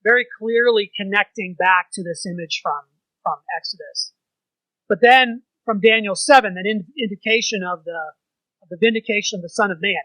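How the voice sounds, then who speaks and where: A man's voice: high-pitched, moderate pace, bright, forceful tone, no echo, low-quality recording. A man leading an informal church Bible study, talking conversationally and putting questions to the group.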